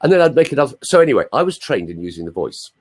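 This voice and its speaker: Rapid-fire and very animated, a voice coach from London in his sixties shares playful anecdotes as a guest on a live online video chat, peppering them with audience asides. His medium-pitched English-accented voice is slightly rough and a little mellow.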